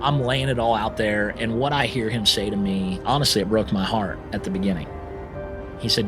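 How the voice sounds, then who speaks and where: A man speaking as a podcast guest, telling his story in an earnest, emphatic, animated way. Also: on the low side, moderate pace, over music. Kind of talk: storytelling interview.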